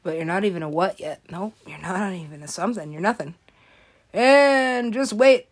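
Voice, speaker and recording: A woman's voice: fairly low pitch, normal speed. A woman rambling through a comedic commentary, swearing and giggling often.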